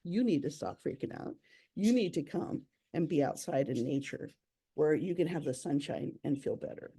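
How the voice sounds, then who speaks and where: A woman's voice: low voice, lively intonation, normal speed, mellow, husky, voice pushed down, heavily acted. A woman voicing an easygoing great horned owl that coaxes people outdoors, in a playful nature presentation. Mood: coaxing.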